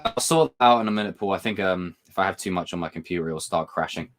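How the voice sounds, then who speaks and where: A man's voice: sits low, fast. A British man hosting a livestream, chatting casually and rambling between topics as he reads viewer comments. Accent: British English. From Britain. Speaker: livestream host.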